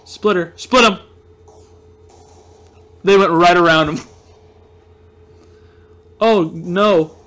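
A young man giving casual let's play commentary, excitable and self-mocking, yelping and groaning at every shot. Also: high voice, very slow, pauses often. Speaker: gaming video host.

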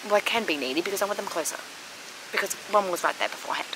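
A woman's voice: mid-range voice, lively intonation, racing, creaky, background noise. An Australian woman vlogging outdoors by a harbour, gushing and rambling with lots of "like" fillers. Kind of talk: casual outdoor vlog.

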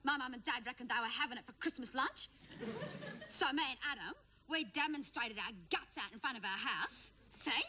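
Woman doing a high-voiced aussie teen girl, bratty and whiny, loud noisy tv capture. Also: moderate pace, close to an everyday voice. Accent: Australian. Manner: whiny, complaining, peppered with "you know". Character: bratty, melodramatic teenage schoolgirl. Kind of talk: sketch comedy monologue.

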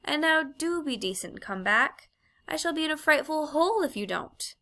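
Storybook schoolboy, earnest and pleading, bright and a bit gravelly; woman narrator doing the voice. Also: expressive, normal speed, full character voice. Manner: earnest and pleading, rising to higher outbursts. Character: anxious, pleading young British schoolboy.

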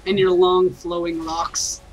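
A woman's voice: lowish voice, little pitch movement, slow, a little mellow, slight background noise. A young woman playing support in a team video game, teasing her teammates and swearing freely. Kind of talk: casual gameplay chatter.

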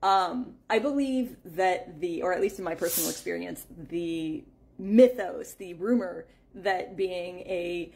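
A woman responds to a comment in a wry, measured way and pokes fun at herself. Her voice sits fairly low. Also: gravelly, a little mellow. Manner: wry, measured and self-deprecating. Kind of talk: casual vlog response.

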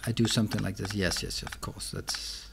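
Gravelly man muttering over a game. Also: lowish voice, fairly even intonation, normal speed, background noise. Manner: frustrated muttering to himself, swearing at mishaps. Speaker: gameplay commentator. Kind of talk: let's play commentary. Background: keyboard and mouse clicks.

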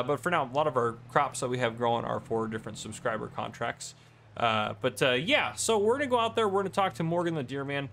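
A man's voice: mid-range voice, fairly bright tone, a little hiss or hum. A man casually commenting on his farming game, easygoing and rambling with lots of fillers. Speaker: gameplay channel host.

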